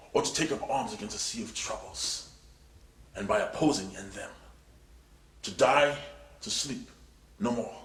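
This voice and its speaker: A man's voice: fairly low pitch, a bit bright, reverberant, a little hiss or hum, low-quality recording. A man giving a grand theatrical recitation of a classic monologue at an audition. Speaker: actor in an audition sketch.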